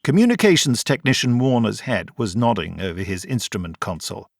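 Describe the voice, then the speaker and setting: A man reading a science fiction audiobook in a measured, even storytelling voice. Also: lowish voice, creaky, a little hiss or hum. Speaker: audiobook narrator. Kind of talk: scripted audiobook narration.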